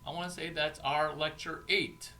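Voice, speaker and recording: A man giving an informal, profane coaching talk as an entrepreneurship mentor, animated and acting out bits of banter. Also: fairly high pitch, moderate pace, slight background noise.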